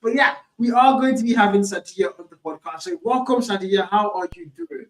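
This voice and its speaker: A man's voice: sits high, big pitch swings, fairly quick, roomy sound. A man co-hosting a casual gaming podcast, laid-back and teasing, often repeating his words. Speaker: caster and podcast co-host.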